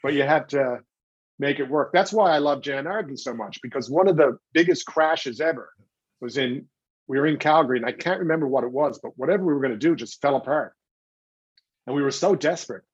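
Middle-aged man, husky, animated raconteur who acts out his quotes, dry, slightly dull sound. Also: mid-range voice, dry recording. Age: 40s or older. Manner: animated storyteller acting out quotes, quick restarts. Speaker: guest, television host. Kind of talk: anecdotal interview talk.

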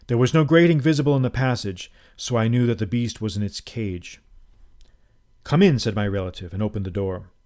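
A man telling a first-person tale in a measured, dramatic reading. His voice sits at an ordinary middle pitch for a man, and the delivery is steady storytelling narration. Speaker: audiobook narrator.

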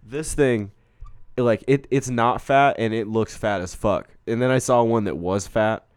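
A man's voice: mid-range voice, unhurried, clean tone, no room sound, studio quality. A young man in casual podcast chat, joking and swearing a lot and often slipping into goofy voices.

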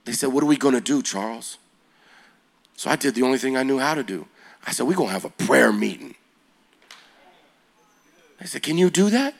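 A man's voice: medium pitch, moderate pace, creaky, long pauses. A man in his forties preaching to young people, telling a story in a loose, slangy way and asking them questions. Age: 40s. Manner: animated, slangy, asks the audience questions. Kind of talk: youth sermon storytelling.

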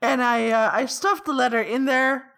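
A woman playing a tabletop game, describing her actions in a chatty, halting way. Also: high-pitched, fairly even intonation, gravelly, fairly bright tone. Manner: chatty and halting, with many ums. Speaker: player. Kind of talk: casual tabletop play.

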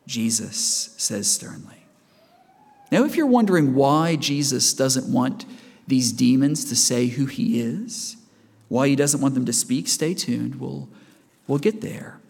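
A man's voice: mid-range voice, slow pace, gravelly, pauses often, darkish tone, husky. A man preaching a sermon in a church, conversational and asking the congregation questions as he goes. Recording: reverberant church hall.

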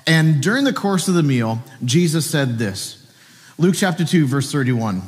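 A man's voice: on the high side, moderate pace. Male pastor preaching in an echoing hall. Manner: animated storytelling, with asides. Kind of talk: sermon.

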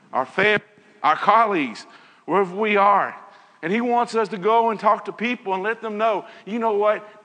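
Earnest high-voiced man teaching scripture. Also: sharp tone, in a large hall. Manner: earnest, repeats phrases, reads scripture aloud. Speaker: Bible teacher. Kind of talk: evening Bible lesson.

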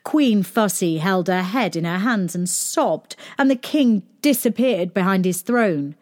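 A woman reads a children's chapter book aloud, gentle and expressive. Her voice sits at an everyday middle pitch and moves with the story. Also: measured pace.

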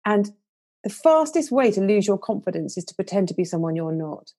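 Woman, confidence coach, mellow warm tone, earnest and gently coaching, podcast guest. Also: mid-range voice, very animated, brisk. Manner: earnest, gently coaching, acts out inner voices. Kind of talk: podcast interview.

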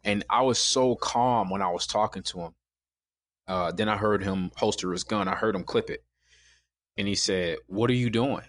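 A young man in his twenties calmly telling a personal story in casual conversation, quoting others as he goes. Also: on the low side, normal speed, no echo.

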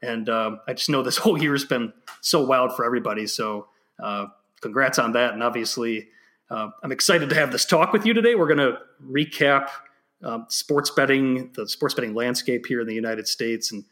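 A young man hosts a podcast interview in a relaxed, conversational way. He rambles a little, with fillers and restarts, his voice pitched in an ordinary middle range. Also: moderate pace. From Chicago area. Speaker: podcast host. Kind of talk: casual interview.

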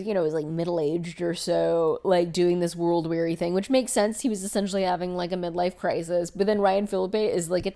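A woman co-hosting a podcast, talking about films in an animated, blunt way. She swears freely and fills her talk with "like". Her voice sits a little low for a woman. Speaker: podcast co-host. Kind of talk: casual film discussion.

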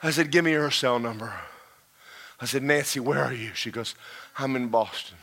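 Man, preaching a sermon, very bright gravelly voice, high-pitched, drops low then shouts. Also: normal speed. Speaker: pastor.

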